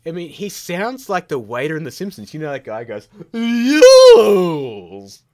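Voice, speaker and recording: A man hosts a live stream from home, sitting by a computer with a child nearby. His voice is a little high, sing-song and brisk. He chats casually and rambles through his opinions, often stopping and restarting his sentences.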